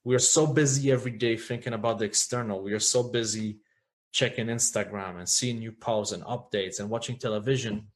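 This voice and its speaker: A man's voice: fairly low pitch, fairly even intonation, brisk, a little hiss or hum. A man speaking as a podcast guest, earnest and reflective, often checking in with "right?" as he talks. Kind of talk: candid podcast conversation.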